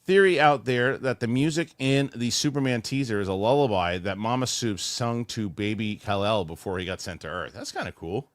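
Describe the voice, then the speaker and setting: A middle-aged man hosting a casual chat show, reading viewer questions, animated and swearing casually. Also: mid-range voice, moderate pace, hardly any pauses, no echo, clean studio sound. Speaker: host.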